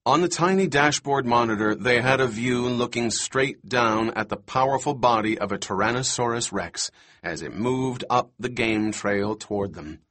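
Husky male audiobook narrator. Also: lowish voice. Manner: steady, even storytelling. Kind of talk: scripted narration.

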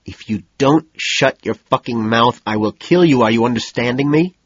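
A man voicing an arrogant young male yuppie who talks over people and erupts into shouting, in an audiobook reading. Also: mid-range voice, very animated, a little slow, slightly rough, no echo, dull audio, pitched above the performer's own voice, exaggerated voice. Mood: menacing.

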